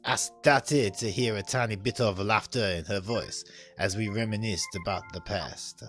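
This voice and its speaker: A man voicing a gentle, caring young master of cat girls in a fan dub of a visual novel, reading earnestly. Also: fairly low pitch, normal speed, soft background music, pitched below the performer's own voice, lightly acted.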